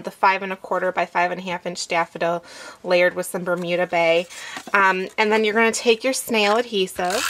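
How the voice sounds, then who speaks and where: A woman's voice: medium pitch, fairly bright tone, slight background noise. Woman walking through a craft project. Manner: instructive, fillers and step-by-step asides. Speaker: crafting tutorial host. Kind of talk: demonstration, talking while working.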